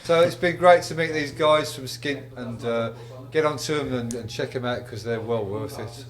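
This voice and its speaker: A man's voice: medium pitch, moderate pace. A man hosting a community podcast, thanking his guests and signing off in an upbeat way. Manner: upbeat, encouraging sign-off. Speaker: podcast host. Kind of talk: casual interview wrap-up.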